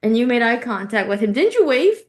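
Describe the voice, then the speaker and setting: Animated and ready to laugh, a young woman co-hosts a podcast in relaxed conversation. She speaks in a slightly high voice.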